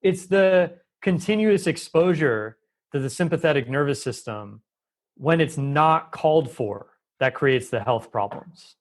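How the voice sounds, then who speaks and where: A man's voice: fairly high pitch, animated, measured pace. A man as a guest in a conversational interview, explaining with emphasis and changing his pace often. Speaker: Ayurvedic doctor, guest.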